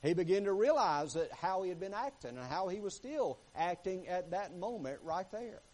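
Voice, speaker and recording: A man delivering a sermon in a somewhat high voice. He swings between hushed, quiet stretches and emphatic, rising passages as he reads scripture aloud and talks to the congregation. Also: big pitch swings, normal speed, poor audio. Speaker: preacher.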